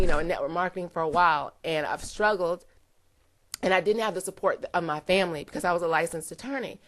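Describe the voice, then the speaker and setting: A woman's voice: on the low side, a bit bright. Earnest emotional woman giving a testimonial. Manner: earnest, heartfelt, many "you know" fillers. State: emotional, near tears. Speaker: network marketer giving a testimonial.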